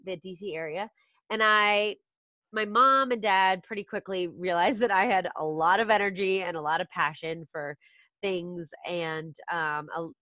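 A woman from the Washington DC area, a Spanish teacher, speaking as a podcast guest in energetic casual talk with frequent fillers. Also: lowish voice, a little slow, no echo. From Washington DC area, USA.

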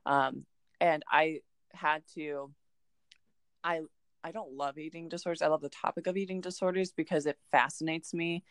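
A woman speaks in a chatty, candid way with a smooth, clean tone. The recording is dry, with no room sound. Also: sits low, moderate pace, no echo. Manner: chatty, drops into lively quoted voices. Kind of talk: casual chat.

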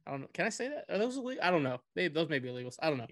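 A man from Houston with a fairly high voice, co-hosting a casual sports podcast. He rambles, jokes and swears freely as he tells his stories. His voice sounds dry and close to the mic. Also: very animated, very fast, few pauses, fairly bright tone, dry recording. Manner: rambling, joking, profane. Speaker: podcast co-host.

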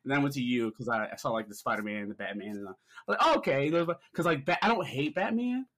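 A man hosting a podcast in a casual, excitable way, with loose phrasing and frequent laughs. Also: medium pitch, very fast. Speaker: podcast host. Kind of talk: casual chat.

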